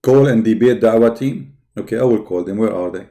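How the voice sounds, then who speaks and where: With a fairly low, dark-toned voice and a brisk delivery, a male debate host on a live stream jeers at viewers and challenges them to phone in.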